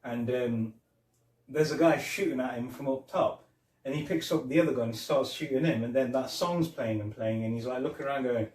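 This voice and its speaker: Talking fairly quickly in a mellowish mid-range voice, this podcast co-host chats loosely about a movie. Full of fillers, he recounts scenes, quotes lines and laughs, all captured by a distant mic in an echoey room.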